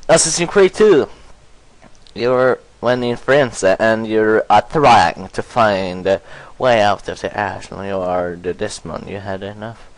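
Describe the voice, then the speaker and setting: A young man doing casual let's play commentary, goofy and excitable, often breaking into silly singing and swearing. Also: lowish voice, slow, no echo, poor audio. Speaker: gameplay commentator.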